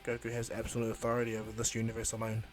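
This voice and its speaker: A man voicing a calm, firm female angel attendant. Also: on the low side, rapid-fire, soft background music, close to an everyday voice.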